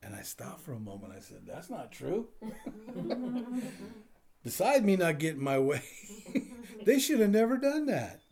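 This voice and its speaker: A man's voice: sits high, very animated, unhurried, long pauses, a little mellow. A man preaching a conversational sermon, telling stories with acted-out dialogue and laughing along the way. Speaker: pastor.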